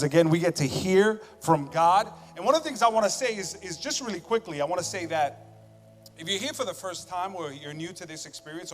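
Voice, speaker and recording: Higher-voiced male pastor in a reverberant hall. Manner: conversational and joking, swings between loud emphasis and quiet asides. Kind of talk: sermon. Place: church sanctuary on stage. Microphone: stage microphone with monitors. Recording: long church hall reverb, faint music.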